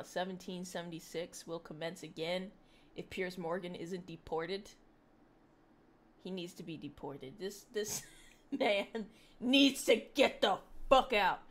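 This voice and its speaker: A woman giving casual commentary on posts she reads, sarcastic and mocking, with frequent laughter. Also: on the low side. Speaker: online commentator.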